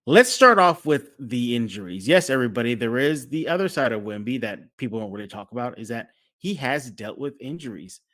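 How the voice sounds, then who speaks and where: Energetic man hosting a sports podcast. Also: medium pitch, a little fast, few pauses. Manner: energetic, acts out fan reactions. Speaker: podcast host. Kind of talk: casual sports podcast chat.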